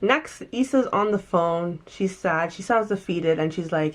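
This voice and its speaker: A woman casually recapping and reviewing a TV episode, animated and emphatic, often restarting sentences. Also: medium pitch, moderate pace, few pauses.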